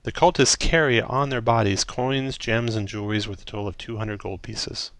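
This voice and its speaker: A man runs a tabletop game, describing scenes and calling for votes in a relaxed, halting way with plenty of ums. His low voice has a gravelly texture and a bright edge, recorded close and dry. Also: dry recording. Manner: relaxed, hesitant with frequent ums. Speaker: game master.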